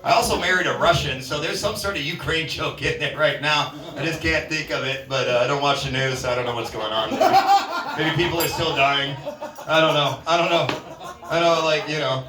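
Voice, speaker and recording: A man's voice: fairly high pitch, fairly quick, crowd noise. A man from Alaska doing a stand-up comedy set at a bar open mic, rambling from one joke to the next with lots of profanity and self-mockery. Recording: roomy bar sound from a distance.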